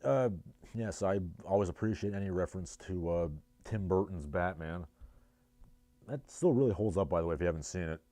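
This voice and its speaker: On a relaxed livestream, a New Jersey-accented host reads the chat and riffs with wry, wandering asides. His deep voice has a warm tone and moves a little fast. It's a dry recording.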